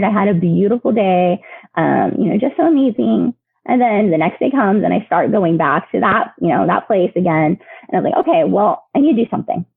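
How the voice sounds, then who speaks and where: A woman guest sharing personal stories in a lively, chatty way, with many fillers and laughs, heard over a remote call. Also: medium pitch, gravelly, slightly rough, no room sound. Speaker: podcast guest. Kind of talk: emotional storytelling. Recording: tinny phone line.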